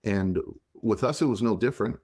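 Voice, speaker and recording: Deep-voiced man, rambling podcast chat. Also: brisk, slightly rough. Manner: animated, rambling storyteller, teasing. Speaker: podcast co-host. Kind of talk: casual chat.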